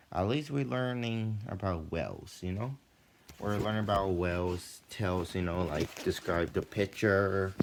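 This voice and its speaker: Low-voiced young man rambling chattily. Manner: loose and chatty, full of "like" and "you know"; often animated, with jumps in pitch and volume when retelling. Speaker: student vlogger. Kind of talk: rambling casual storytelling.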